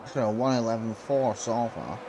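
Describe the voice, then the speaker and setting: A man calling sim race laps play-by-play in a calm, encouraging manner. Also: medium pitch, normal speed. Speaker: lead sim racing commentator. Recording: steady background noise.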